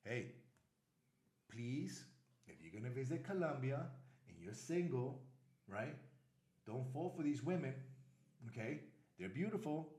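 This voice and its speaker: A man's voice: mid-range voice, big pitch swings, measured pace, long pauses, dark tone, roomy sound. A middle-aged man with a New York accent, speaking bluntly to camera and repeating his warnings for emphasis. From New York, USA. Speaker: travel vlogger. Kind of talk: casual direct-to-camera warning talk.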